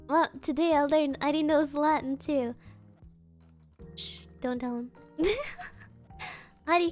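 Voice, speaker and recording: Very high-voiced giggly woman streamer. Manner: giggly, playful, keeps bursting into laughter. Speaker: virtual streamer. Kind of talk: casual live-stream chat.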